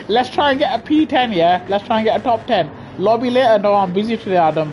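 A man with a British accent giving chatty, excitable live commentary on a racing game over a headset mic, laughing often and grumbling in mock outrage. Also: sits high, moderate pace, a little hiss or hum. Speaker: gaming streamer. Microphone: gaming headset.

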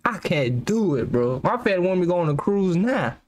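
A man's voice: high-pitched, very animated, brisk. A young man giving rambling, slangy reaction commentary as a YouTuber, laughing nervously between remarks.

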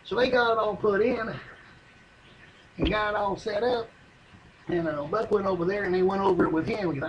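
High-pitched guy spinning a cussing comedy yarn, noisy recording. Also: normal speed, long pauses, muffled recording. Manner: rambling, profane, drawling yarn with folksy grammar. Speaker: comedian telling a story. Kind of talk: stand-up comedy monologue.

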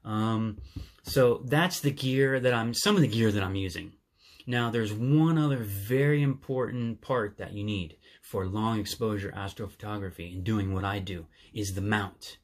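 A man's voice: fairly low pitch, moderate pace. A man hosting his own channel, explaining his gear in a casual, eager way with some fillers and restarts. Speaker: channel host.

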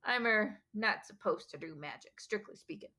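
A woman voicing a huge, bearded male gamekeeper who is gruff but kindly and speaks in a rough, folksy country dialect. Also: mid-range voice, expressive, moderate pace, bright, forceful tone. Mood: rueful.

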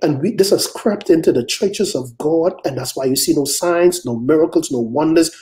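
A male pastor preaching a sermon, emphatic, swinging into quick acted-out prayers and sharp rising challenges. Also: a little high.

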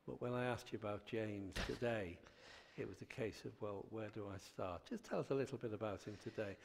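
A man hosting an interview, asking measured, reflective questions. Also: fairly low pitch, creaky, noisy background. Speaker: interviewer host. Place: church. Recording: long hall reverb.

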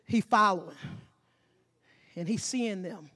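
Woman pastor, high voice, acts out the story, shouts at the peaks. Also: unhurried. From Mississippi. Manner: animated preaching, acting out scenes, shouting. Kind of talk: sermon.

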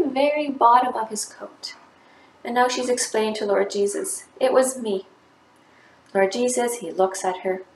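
A woman teaching a third-grade class, telling a Bible story to children and acting out the quoted lines. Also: mid-range voice. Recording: echoey room, faint background noise.

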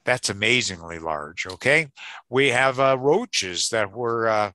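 Slow, lively man lecturing. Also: mid-range voice, dry recording. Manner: chatty, jokey, checks in with "okay?" and "right?"; chuckles at his own jokes. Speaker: creation science seminar speaker. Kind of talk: live seminar lecture.

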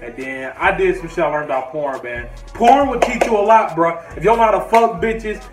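A man's voice: on the high side, brisk. Slangy crude young guy vlogging. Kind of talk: casual story time. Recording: roomy, from a distance, faint music.

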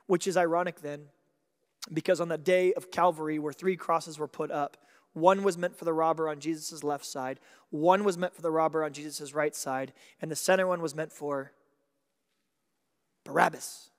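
High-voiced male pastor in a reverberant hall. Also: steady tone, moderate pace. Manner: dramatic, shifting between hushed and loud emphatic preaching. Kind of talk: sermon. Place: large church hall.

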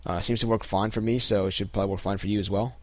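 Young guy, lowish voice, relaxed tutorial host with filler words, dry recording. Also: rapid-fire, no room sound. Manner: relaxed, many ums and restarts. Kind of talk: casual screen-recorded tutorial.

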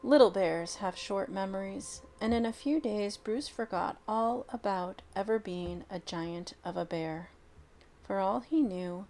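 A woman reading a picture book aloud, expressive and unhurried with dramatic pauses. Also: mid-range voice, vocal fry, a little hiss or hum. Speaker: storyteller. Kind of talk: storybook read-aloud.

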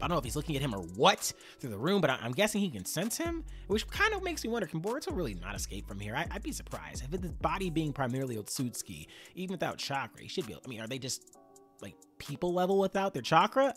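A man's voice: on the high side, huge pitch swings, fast, fairly bright tone, faint music behind. A man giving a casual, slangy recap of a manga chapter, talking straight to his viewers. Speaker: anime and manga commentator.

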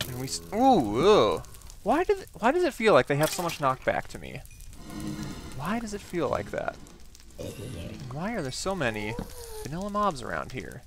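A man hosting a game playthrough, chatting as he plays and breaking into excited exclamations. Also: a little high, normal speed, long pauses, over music. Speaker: gaming channel host. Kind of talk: Minecraft let's play commentary.

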